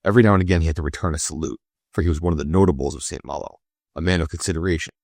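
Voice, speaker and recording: Deep-voiced man narrating a classic novel. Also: vocal fry, a little mellow, no echo, clean studio sound. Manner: measured, deliberate storytelling. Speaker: audiobook narrator.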